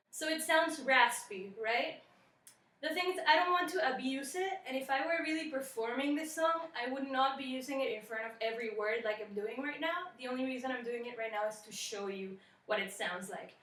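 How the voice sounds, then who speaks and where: A young woman explaining singing techniques in a brisk, explanatory vocal tutorial. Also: sits high, roomy sound, recorded from a distance, over music. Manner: brisk and explanatory, demonstrates effects with her voice. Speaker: singing teacher.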